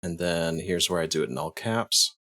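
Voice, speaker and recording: A streamer with a low, sharp-toned voice casually talks through his on-screen video editing at a moderate pace. Thinking out loud like a screen-share tutorial, he restarts sentences and chuckles now and then.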